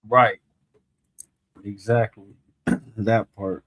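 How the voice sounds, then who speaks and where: Slow, low-voiced laid-back man. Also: fairly even intonation, a bit bright, no room sound. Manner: laid-back, agreeing, short replies. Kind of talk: casual chat.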